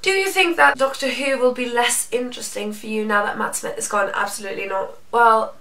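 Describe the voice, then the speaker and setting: Young Norwegian-accented woman, excitable fangirl co-host; high, fry-edged voice, roomy off-mic sound. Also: a little fast, far from the mic. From Norway. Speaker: co-host reading fan questions. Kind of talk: casual Q&A chat. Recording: echoey room, off-mic.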